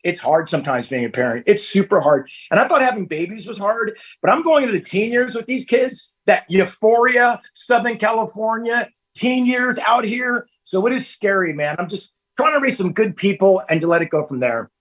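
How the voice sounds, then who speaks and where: A man's voice: high-pitched, expressive, moderate pace, hardly any pauses, a bit bright, breathy edge, poor audio. A man in his fifties, a podcast guest, telling candid stories in casual chat from home over a call. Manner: candid, storytelling, laughs easily. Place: at home, family nearby.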